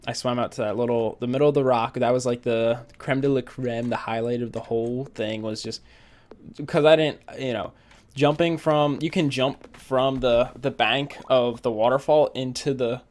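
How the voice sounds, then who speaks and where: A young man talks casually at his desk while playing a farming game, drifting into long, rambling stories full of fillers. He laughs often and keeps an easy, conversational flow. Keyboard typing is heard now and then behind him. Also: mid-range voice. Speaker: let's play gamer. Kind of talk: casual gameplay commentary with storytelling.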